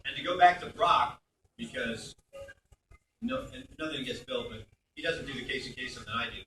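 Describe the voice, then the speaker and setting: A middle-aged man from Brooklyn, New York, a voice actor talking at a convention panel Q&A in a chatty, animated way, recorded on a phone in the audience. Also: medium pitch, moderate pace, recorded from a distance, a little hiss or hum. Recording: echoey hall, phone mic from afar.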